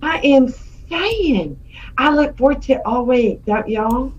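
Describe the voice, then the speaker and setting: A woman chatting casually as a co-host, telling stories in an animated way. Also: high-pitched, unhurried. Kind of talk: casual chat. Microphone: video call. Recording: dull lo-fi stream audio with faint noise.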